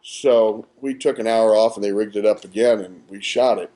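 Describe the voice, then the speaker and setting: A man, an actor guest, telling set stories with animated delivery and acting out quotes, recorded at a live podcast in a small theatre. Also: lowish voice, normal speed. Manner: animated, acts out quotes with laughter. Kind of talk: casual anecdotal storytelling.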